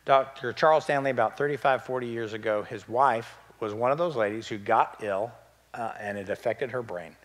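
Male pastor, casual animated Bible-study teacher, mid-pitched voice, long church reverb. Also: moderate pace. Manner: conversational, animated teaching with asides and questions to the group. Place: church hall.

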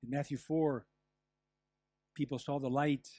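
An older man preaching a sermon as pastor, telling stories with lively asides and the odd laugh. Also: mid-range voice, a little slow, no room sound. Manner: animated storytelling with asides and laughs. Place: church.

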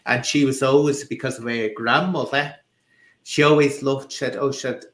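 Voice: mid-range voice, steady tone, moderate pace. A host with a Liverpool accent telling anecdotes in casual chat, full of quoted speech. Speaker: interview host. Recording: roomy echo.

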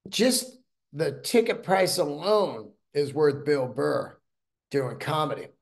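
A man's voice: fairly high pitch, animated, slow pace, gravelly. Dude doing a solo podcast, rambles a lot, swears constantly, super into what he's talking about. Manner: rambling, profane, enthusiastic. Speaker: podcast host. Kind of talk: casual solo podcast monologue.

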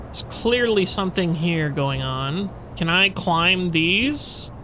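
A gamer giving casual running commentary over gameplay, chatty and swearing freely, with loud frustrated outbursts. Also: mid-range voice, expressive, slow pace, a little hiss or hum. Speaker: let's play gamer.

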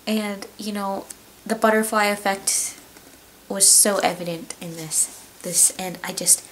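A woman reviewing a book in a casual home vlog, earnest and gushing, with halting restarts. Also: medium pitch, steady tone, fairly bright tone, slight background noise, low-quality recording. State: tearful, voice breaking. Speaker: book vlogger.

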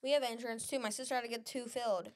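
A woman's voice: a little high, steady tone, rapid-fire. A woman in casual podcast chat, tossing in playful quips.

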